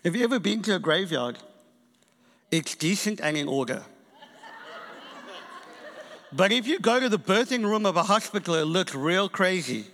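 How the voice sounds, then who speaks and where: A man with a high voice preaches a sermon, telling a story and acting out the people in it. His voice rings out with a long reverb from a large church hall. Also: normal speed, long pauses. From England and South Africa. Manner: animated storytelling preacher, acts out quotes.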